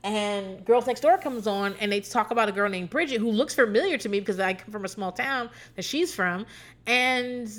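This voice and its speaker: A young woman from Virginia hosting a podcast, chatting casually, cursing freely, laughing a lot and acting out quotes in a high voice. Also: normal speed, a bit bright. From Hampton Roads, Virginia. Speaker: podcast host. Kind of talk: casual storytelling chat.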